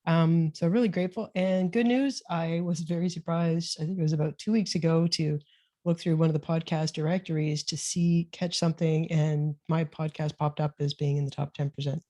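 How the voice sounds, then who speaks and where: A woman from Canada, a podcast consultant, introducing herself in a relaxed, friendly way on a video call. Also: sits low, normal speed. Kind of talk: casual group video call.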